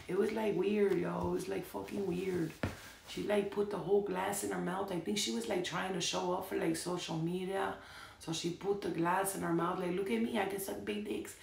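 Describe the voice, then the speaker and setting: A young woman gives a loose, rambling tarot reading, swearing freely as she chats. Her lowish voice has a gravelly fry to it. The sound is roomy and echoey, with a faint hiss behind her. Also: flat delivery, normal speed. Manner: rambling, profane, chatty. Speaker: tarot reader. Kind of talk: casual tarot reading stream. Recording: echoey room with faint noise.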